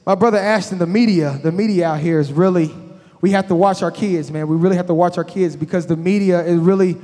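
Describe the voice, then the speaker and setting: A man in his thirties doing stand-up comedy, telling stories in an animated, conversational way. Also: high voice, fast. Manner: animated, conversational, loose Southern-inflected slang. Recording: echoey hall.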